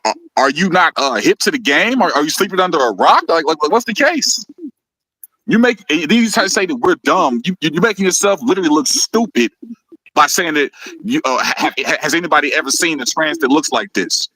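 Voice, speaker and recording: A man's voice: on the high side, expressive, brisk, bright, forceful tone, no room sound, low-quality recording. Mocking, heated male stream host. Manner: heated, mocking, laughs often, stumbles and repeats words. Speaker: host of a live video show. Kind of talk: live-stream commentary.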